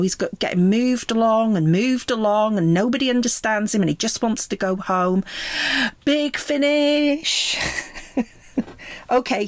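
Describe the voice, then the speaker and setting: A woman's voice: mid-range voice, a little mellow, dry recording. A woman talking casually and chattily, reviewing an album track by track with frequent ums. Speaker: music reviewer.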